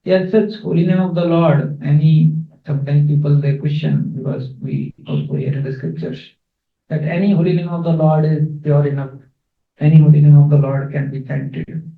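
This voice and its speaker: A man giving a scripture class, explaining verses slowly with fillers and repeats. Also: a little high, steady tone, vocal fry. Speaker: spiritual teacher. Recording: echoey, phone-like, distant.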